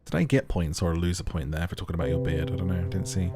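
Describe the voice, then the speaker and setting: A man's voice: deep voice, fast, hardly any pauses. A man reading a story game aloud with playful, joking asides to viewers. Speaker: gaming video creator. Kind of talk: playthrough commentary and read-aloud. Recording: game music playing behind.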